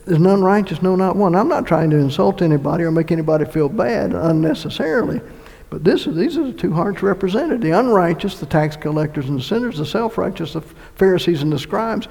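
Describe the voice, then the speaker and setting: A male pastor delivers a sermon in a church sanctuary, his high voice carrying a gravelly rasp. He shifts from loud emphatic swells down to quiet, hushed passages. His words echo with the long reverb of the room. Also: expressive, a little fast. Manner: preaching with sudden loud swells and hushed drops.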